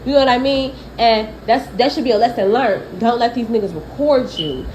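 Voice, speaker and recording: A young woman, giving blunt, profane, animated celebrity gossip commentary. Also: on the high side, moderate pace, slight background noise, rough recording.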